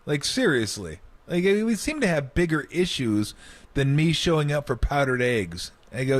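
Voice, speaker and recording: A man's voice: on the high side, normal speed. A middle-aged man, a former player, telling stories on a sports radio show and acting out the quotes. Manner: animated storyteller, acts out quotes, laughs often. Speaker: former basketball player guest. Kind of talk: radio sports talk storytelling.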